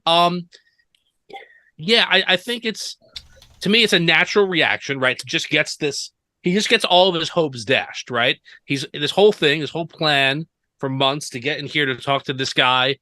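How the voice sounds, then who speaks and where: Bright-voiced man rambling casually. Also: mid-range voice, normal speed, no room sound. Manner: rambling, filler-heavy retelling. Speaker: podcast co-host. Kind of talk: casual chat.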